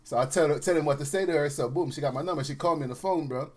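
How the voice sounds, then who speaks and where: A man's voice: fairly high pitch, darkish tone. A man with a Jamaican accent telling stories in a casual chat and dropping "bro" often. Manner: quick storyteller, repeats "bro".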